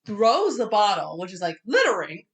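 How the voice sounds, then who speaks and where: A woman's voice: mid-range voice, big pitch swings, normal speed. A woman co-hosting a casual movie review podcast, recapping the plot in a chatty way with lots of fillers. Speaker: podcast co-host.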